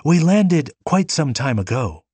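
A man voicing an even, composed young male stranger from another world in an audiobook reading. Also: fairly high pitch, unhurried, breathy edge, no echo, pitched above the performer's own voice, exaggerated voice.

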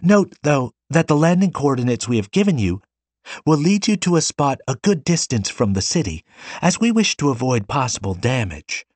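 A man voicing an innocent, childlike virtual girl who is the leader, high and tearful. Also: sing-song, moderate pace, no echo. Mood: chirpy.

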